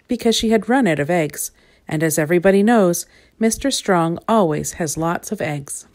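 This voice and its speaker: A woman reads a children's picture book aloud in a fairly low voice. She turns to her young listeners with playful asides and lively expression. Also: moderate pace. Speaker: storybook reader.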